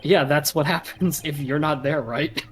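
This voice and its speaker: A woman's voice: deep voice, normal speed, faint music behind. A woman chatting and laughing casually while playing a game with a co-host. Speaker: let's play co-host. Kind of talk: casual gameplay commentary.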